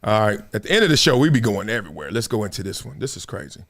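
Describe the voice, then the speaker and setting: A man's voice: fairly low pitch, very animated, racing, fairly bright tone. A man hosting a casual commentary stream in a joking, slangy, teasing way. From Southern California. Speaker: show host.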